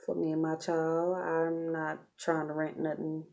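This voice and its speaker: A woman's voice: low voice, little pitch movement, unhurried, creaky, a little mellow. A woman vlogging in a casual, chatty way, talking straight to her viewers and laughing often. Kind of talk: casual storytelling vlog.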